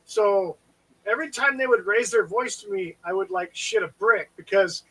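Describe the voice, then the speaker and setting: A man in his fifties chatting casually as a podcast co-host, blunt and swearing, with quick agreeing remarks. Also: sits high, fairly bright tone, husky, low-quality recording. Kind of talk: casual chat.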